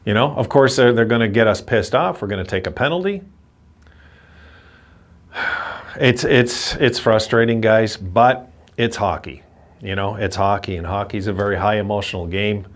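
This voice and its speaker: A man's voice: on the low side, normal speed, long pauses. A man giving a frustrated postgame rant as a hockey fan commentator, repeating himself and cursing at his team. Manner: frustrated, ranting, repetitive.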